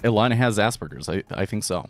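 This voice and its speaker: A man's voice: lowish voice, lively intonation, a little fast, faint music behind. A man talking casually on a live trading stream, thinking aloud with frequent restarts and tangents.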